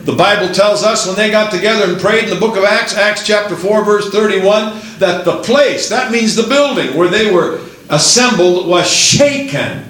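A man's voice: sits high, normal speed, fairly bright tone, echoey room, rough recording. A man preaching a sermon in a church, building his points with one emphatic rhetorical question after another.

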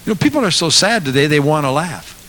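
A man's voice: a little high, sing-song, fast talker. Man preaching an impassioned sermon. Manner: swings from quiet asides to loud impassioned preaching. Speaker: pastor.

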